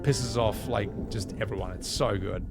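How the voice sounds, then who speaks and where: A man's voice: fairly low pitch, normal speed, vocal fry. A man streaming a game, rambling casually to chat with plenty of swearing, game music behind him.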